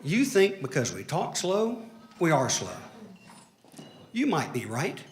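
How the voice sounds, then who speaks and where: A man from Alabama with a Southern accent performing a deadpan, self-mocking stand-up comedy set on stage. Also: fairly high pitch, slow, reverberant, slight background noise. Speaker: lawyer doing stand-up. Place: comedy stage before a live audience.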